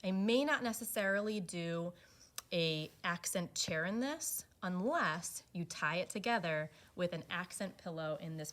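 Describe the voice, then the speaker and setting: Woman showing off fabric swatches. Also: lowish voice. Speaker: furniture fabric presenter. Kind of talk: product walkthrough.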